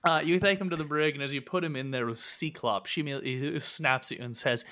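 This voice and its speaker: A man narrating a tabletop game as game master, his voice sitting a little high for a man. He is relaxed and leans on frequent filler uhs between story beats. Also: fast talker, few pauses.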